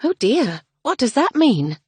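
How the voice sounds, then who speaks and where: A woman doing a lively young storybook heroine. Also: sits high, measured pace, slightly rough, no echo, voice pushed up, exaggerated voice. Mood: playful.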